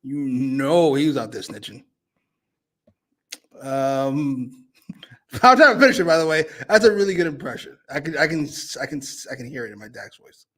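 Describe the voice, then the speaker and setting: Animated man ranting with profanity. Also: medium pitch, normal speed. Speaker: co-host of a wrestling review show. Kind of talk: casual chat.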